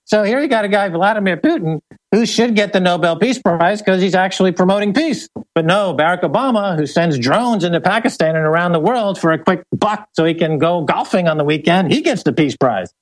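A man's voice: sits high, animated, fairly quick. A man appearing as a guest on a political radio show, arguing his case with pointed rhetorical questions. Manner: argumentative, uses rhetorical questions. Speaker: guest commentator. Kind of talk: political talk radio interview.

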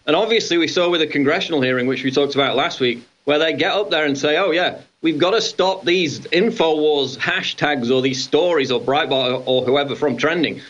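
Steady male co-host on a dull lo-fi line. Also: fairly high pitch, fairly quick, few pauses. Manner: steady, explanatory, reading out quotes. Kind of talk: political talk show discussion.

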